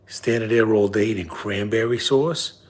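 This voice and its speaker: Man playing a husky, low-voiced father, bus driver, nagging and repetitive, comic. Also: normal speed, close to an everyday voice. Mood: scolding. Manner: scolding, repetitive, drops to hushed whispers. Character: nagging middle-aged father, bus driver, big-nosed. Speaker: comedian. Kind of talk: comedy character monologue.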